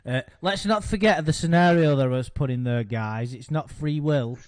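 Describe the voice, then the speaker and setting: A man's voice: fairly high pitch, moderate pace. Wry, crude man chatting. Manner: wry, crude, mock-gruff humour. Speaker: co-host. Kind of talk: casual chat.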